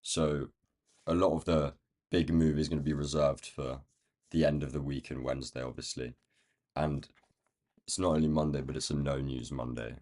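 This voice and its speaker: Deep, croaky man streaming trades. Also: level tone, moderate pace, a little mellow. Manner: thinking aloud while marking up charts. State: croaky, feeling rough. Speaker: day trading livestream host. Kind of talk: casual live chart commentary.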